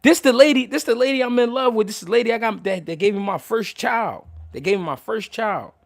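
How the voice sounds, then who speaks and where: Speaking with a fairly high, creaky voice, a man talks heatedly and unscripted to his livestream chat, stammering and repeating himself as he restarts. The audio is studio quality with no echo.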